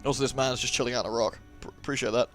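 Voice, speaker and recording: A man's voice: medium pitch, fairly even intonation, very fast, fairly bright tone, soft background music. A man commentating a game playthrough, chatty and sarcastic, joking at the characters. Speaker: let's play host. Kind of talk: gameplay commentary.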